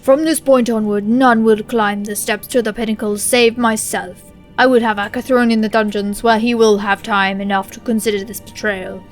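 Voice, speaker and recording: A woman's voice: on the high side, steady tone, normal speed, gravelly, faint music behind. Woman voicing a furious, commanding old wizard lord. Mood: stern. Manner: loud, commanding, menacing.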